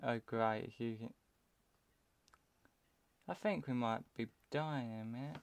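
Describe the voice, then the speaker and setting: While playing a video game, a young man from the United Kingdom offers unhurried let's play commentary in a gravelly, medium-pitched voice. He rambles and talks to himself, often trailing off partway through, and there's no echo.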